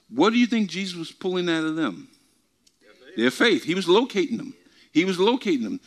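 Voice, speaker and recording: A man teaching from the Bible before a group, often asking questions and repeating his words, reading scripture slowly with emphasis. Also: high voice, sing-song. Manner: asks the congregation questions and repeats himself. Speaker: preacher. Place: church meeting before a group.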